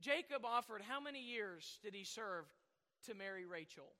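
A man's voice: sits high, animated, normal speed, pushed and bright, long reverb tail. A man preaching a sermon, rambling at times and asking the congregation questions. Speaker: pastor.

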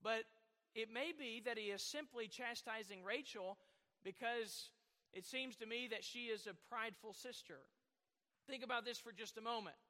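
A man's voice: very high-pitched, normal speed, bright, forceful tone, big-room sound. A man preaching a sermon, rambling at times and asking the congregation questions. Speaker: pastor.

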